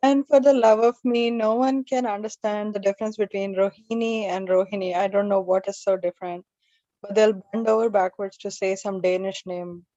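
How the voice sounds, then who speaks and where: A woman's voice: medium pitch, steady tone, normal speed, dark tone, dry recording, dull audio. A woman hosting an open mic and doing stand-up, telling stories in a chatty, self-deprecating way. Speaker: open mic emcee and comedian.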